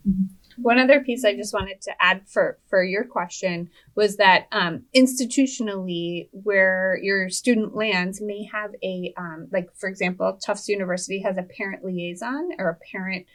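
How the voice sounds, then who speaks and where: Measured, helpful woman on a panel. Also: mid-range voice. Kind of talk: informative panel discussion.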